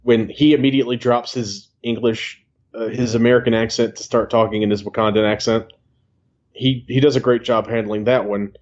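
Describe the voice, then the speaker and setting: A man with a voice of middling pitch, heard through a slightly dull, lo-fi mic. He co-hosts a film review podcast in casual chat, measured and thoughtful with some hesitations. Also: steady tone, a little mellow. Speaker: podcast co-host.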